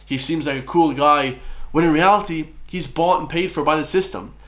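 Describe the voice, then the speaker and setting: A man's voice: on the high side, normal speed, a bit bright, slight background noise. A man in his late twenties giving a combative, scornful reaction commentary and calling out to his viewers as lads and guys. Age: 20s.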